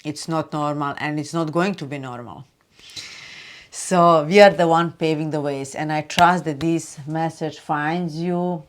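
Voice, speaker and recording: A woman hosting a spiritual video, talking loosely and chattily with lots of "you know" and "like", turning soft and hushed for advice. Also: deep voice, a little slow. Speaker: spiritual channel host. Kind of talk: casual spiritual talk to camera.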